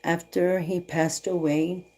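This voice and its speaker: Low-voiced woman telling a story live. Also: takes it slowly. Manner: animated retelling, voicing both sides of dialogue; mixes in Spanish phrases. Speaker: livestream host. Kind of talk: casual storytelling livestream.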